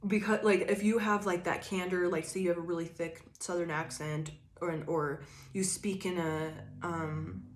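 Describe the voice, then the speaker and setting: A woman's voice: fairly low pitch, steady tone, normal speed, hardly any pauses, echoey room. A woman giving a casual, rambling tarot reading, laughing often and acting out quoted voices. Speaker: tarot reader.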